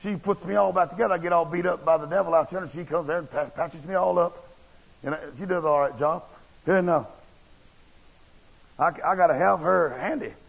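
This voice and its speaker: A man's voice: a little high, a little fast, gravelly, slightly rough. A man preaching a sermon, telling a personal story in a folksy, blunt and emphatic way. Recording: dull lo-fi recording.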